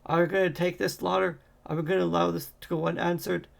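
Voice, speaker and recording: A man's voice: fairly high pitch, steady tone, normal speed, vocal fry, slightly rough, heavily acted. A man reading out the lines of a stern general who commands an orc army, barking orders in a clipped way. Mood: commanding.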